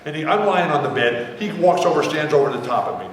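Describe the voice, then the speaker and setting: A man in his sixties, a guest author telling rambling, animated anecdotes to a live theater audience, acting out the people he quotes. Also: on the high side, quick pace, recorded from a distance. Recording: echoey hall, mic heard from afar.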